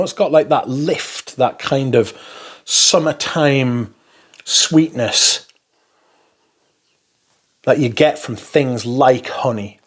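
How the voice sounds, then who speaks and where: A man's voice: mid-range voice, breathy edge. A man giving a casual first-impressions review, chatty and rambling, swearing now and then as he rants. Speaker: fragrance reviewer.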